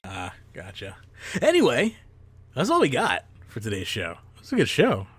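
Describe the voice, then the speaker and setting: A man's voice: mid-range voice, huge pitch swings, moderate pace, a bit bright, husky, no echo. A man hosting a casual podcast, rambling with fillers and the odd swear. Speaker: podcast host. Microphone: close headset mic.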